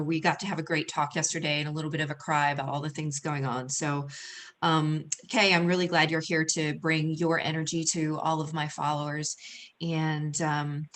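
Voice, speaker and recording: Woman host, deep for her sex, loose casual delivery with lots of ums. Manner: warm, rambling, many fillers. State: emotional, near tears at times. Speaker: host, energy healer. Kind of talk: casual live-stream interview.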